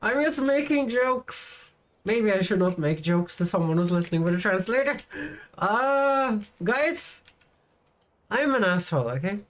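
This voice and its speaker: A woman's voice: mid-range voice, expressive, a little slow. A woman from Sweden chatting casually and joking with her viewers while she plays a game. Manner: joking, rambling, teasing chat. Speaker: game streamer.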